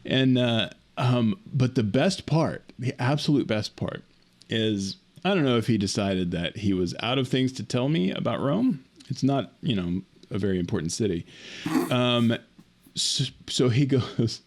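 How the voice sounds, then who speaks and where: A man co-hosting a podcast, telling a story in a casual, animated, laughing way over a remote call. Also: medium pitch, unhurried. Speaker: podcast co-host.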